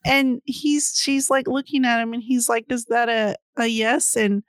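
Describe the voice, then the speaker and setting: A woman's voice: fairly high pitch, fairly even intonation, a little slow, no room sound, studio quality. A woman in casual chat about a book, retelling scenes animatedly and acting out the characters' lines.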